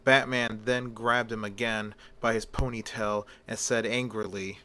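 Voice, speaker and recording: Guy narrating a fan story, bright voice, lots of uhs and restarts. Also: on the low side, level tone. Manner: halting, with many fillers and restarts.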